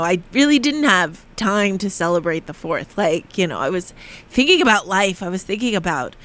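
A heartfelt, reflective voice recorded in a radio studio. The speaker halts, restarts and leans on "you know" as they think aloud. At tender moments it sinks toward a near whisper, at a middle pitch. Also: fairly bright tone. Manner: earnest and heartfelt, drifting at times into a near whisper. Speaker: radio show speaker on grief and spirit communication. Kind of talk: reflective spoken monologue.

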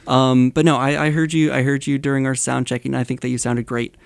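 A young man hosting a college radio show, chatting casually with a guest musician and reading a public service announcement, with relaxed fillers and hesitations. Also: medium pitch, fast, gravelly, dry recording.

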